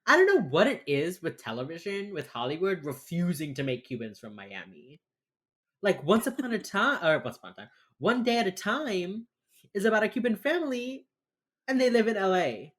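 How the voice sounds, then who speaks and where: A man's voice: high-pitched, big pitch swings, normal speed. A man co-hosting a podcast, tipsy and ranting with heavy sarcasm and casual swearing while recapping a TV episode. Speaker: podcast co-host.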